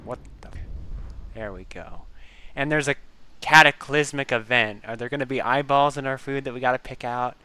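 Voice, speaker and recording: A man's voice: medium pitch, moderate pace, sharp tone, clean tone. A man giving casual let's-play commentary close to a desk microphone, rambling with self-deprecating asides and breathing audibly into the mic. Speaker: game commentator.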